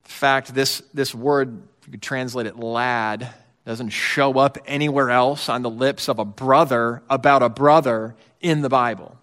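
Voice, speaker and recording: A man's voice: medium pitch, steady tone, measured pace, fairly bright tone, long reverb tail. A middle-aged man preaching a sermon, talking in a conversational way with wry asides to the congregation. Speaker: pastor.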